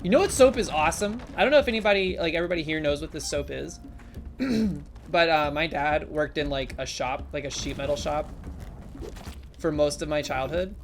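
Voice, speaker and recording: A woman's voice: deep voice, brisk, a little hiss or hum. A young adult woman streaming, chatting playfully and reading chat aloud. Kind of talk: casual live-stream chat.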